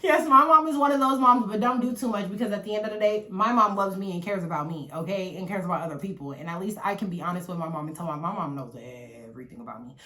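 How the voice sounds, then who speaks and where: A young woman vlogger tells her story straight to her viewers, chatty and animated, swearing as she goes. Her voice is bright and forceful, at a middle pitch. The room around her rings with echo. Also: fast talker, few pauses. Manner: animated, chatty, swears freely and keeps addressing "y'all". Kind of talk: casual storytelling to the camera. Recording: echoey room.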